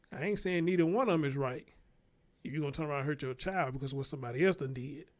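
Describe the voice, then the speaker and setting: In a fairly high-pitched voice, a man runs his own show with off-the-cuff commentary that's blunt and full of profanity, hammering his points by saying them again.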